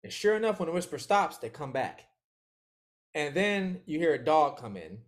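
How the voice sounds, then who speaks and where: A man's voice: a little high, very animated, normal speed. A man as an interview guest, telling a story in casual chat. He talks with animation, laughs often and acts out other people's lines.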